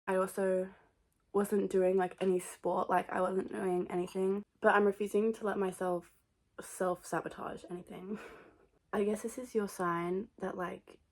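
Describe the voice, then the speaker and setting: A young woman chatting casually to camera in a rambling, animated way, full of "like" fillers. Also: mid-range voice, moderate pace. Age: young adult. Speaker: vlogger.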